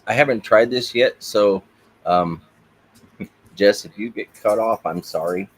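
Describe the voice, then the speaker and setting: Deep, easygoing man hosting. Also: measured pace, rough recording. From Oklahoma. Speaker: podcast host. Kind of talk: casual chat.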